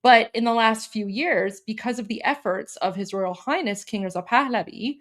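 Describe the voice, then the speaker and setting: A woman's voice: a little high, moderate pace. A woman from Iran, hosting and chatting casually with many fillers. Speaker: host. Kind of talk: casual introduction.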